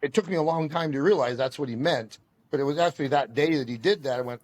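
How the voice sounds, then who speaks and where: A man with a fairly high voice telling stories on a podcast. He is animated and self-deprecating as he looks back on his karate training. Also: fast talker. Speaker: podcast guest, karate instructor. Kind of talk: storytelling in casual conversation.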